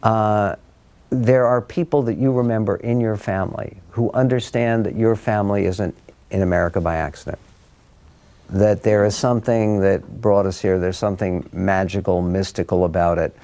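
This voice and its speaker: Older man, low gravelly voice, rambling storytelling talk, wry humor. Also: fairly even intonation, moderate pace, mellow. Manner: rambling with many ums and restarts, wry humor. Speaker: author giving a book talk. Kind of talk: conversational storytelling talk to an audience. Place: room with a live audience.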